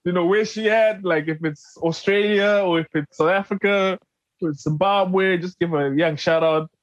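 Fairly high-voiced man host, loose and casual, dry close sound. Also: moderate pace, no echo, dull audio. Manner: relaxed questioning, casual slang. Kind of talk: casual podcast chat.

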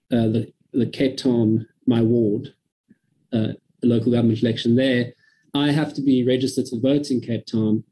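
A man from South Africa giving a measured, careful briefing to a parliamentary committee over a video call. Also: medium pitch, mellow, husky, poor audio. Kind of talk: formal briefing.

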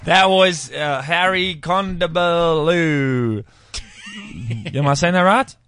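A man's voice: a little high, slow pace, a bit bright, slight background noise. A man hosting a comedy podcast, joking and bantering with his co-hosts in a studio. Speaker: podcast host. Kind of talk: casual chat.

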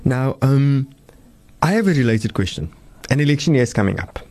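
A man's voice: mid-range voice, expressive, moderate pace, a little mellow. A man hosting a South African radio phone-in, chatting casually and reading out listener messages. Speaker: radio talk show host.

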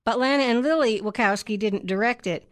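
A woman's voice: on the high side, brisk. A middle-aged woman co-hosting a casual chat, matter-of-fact and a bit insistent, with dry remarks.

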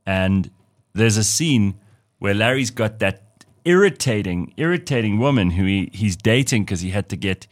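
A low-pitched man chats as co-host of a radio show. His voice swings widely in pitch as he tells stories with animated energy and acts out other people's voices. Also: normal speed, no room sound, clean studio sound. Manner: animated storyteller, laughs, puts on voices. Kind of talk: casual chat.

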